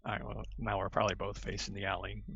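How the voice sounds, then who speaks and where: A man with a low voice answering dryly at a tabletop game. His mic sounds dull and muffled, with a faint hiss of noise. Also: little pitch movement, quick pace, vocal fry, fairly bright tone. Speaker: player. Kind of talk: tabletop role-play.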